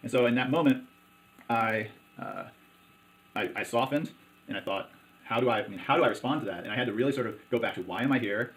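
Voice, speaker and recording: Rapid-talking man, halting with fillers. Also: mid-range voice, low-quality recording. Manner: halting, many fillers and restarts. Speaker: hospital district commissioner. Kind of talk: conversational interview.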